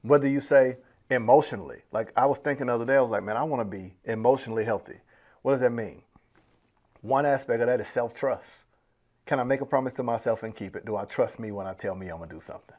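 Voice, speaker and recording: A man hosting a business podcast in a casual, slangy, animated way, laughing often and acting out little asides. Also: mid-range voice, fast. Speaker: podcast host. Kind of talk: casual motivational podcast talk.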